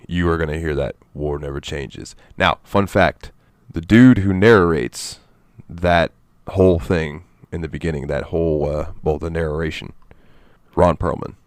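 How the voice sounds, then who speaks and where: A man's voice: low voice, clean tone, dry recording, clean studio sound. A man co-hosting a podcast, chatting casually about a game in a loose, rambling way with lots of fillers and the odd swear. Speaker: podcast co-host. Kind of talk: casual gaming chat.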